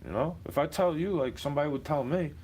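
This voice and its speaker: A man's voice: a little high, fast, a little mellow, breathy edge. A man ranting to the camera in a heated, profane, rambling monologue.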